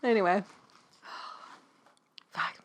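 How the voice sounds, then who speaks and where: A woman co-hosting a let's play, chatting casually while she plays, swearing and laughing often. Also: extremely slow. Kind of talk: casual gameplay chat.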